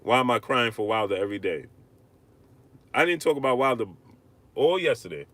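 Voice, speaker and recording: A man hosting a live-stream boxing rant, arguing hard, repeating himself and shouting out viewers. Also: mid-range voice, a little fast. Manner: animated, repetitive, argumentative, shouting out viewers. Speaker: livestream host.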